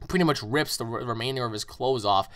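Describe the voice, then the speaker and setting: A man's voice: mid-range voice, fast, a bit bright. A man hosting a comic review channel, casually retelling a fan comic in a rambling way full of fillers.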